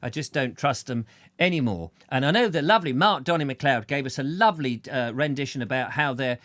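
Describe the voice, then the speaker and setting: A man's voice: mid-range voice, animated, brisk, a bit bright, dry recording. A man hosting a live chat show, greeting viewers by name in a rambling, jokey way full of silly asides. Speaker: show host.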